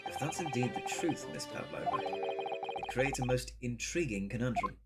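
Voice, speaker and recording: A woman doing a grandly self-assured British gentleman detective, low and drawling, in a story-driven game. He savors every line with theatrical flair while loud game music plays behind him. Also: animated, moderate pace. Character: brilliant pompous British male detective.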